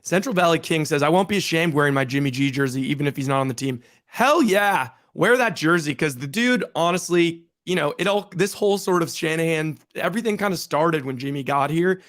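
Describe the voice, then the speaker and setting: A man co-hosts a live postgame talk show, and his voice is a touch scratchy from a cold. His voice sits a little high, and he rambles with lots of emphasis. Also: brisk, few pauses, fairly bright tone. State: slightly scratchy voice from sniffles. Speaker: co-host. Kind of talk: casual sports talk show.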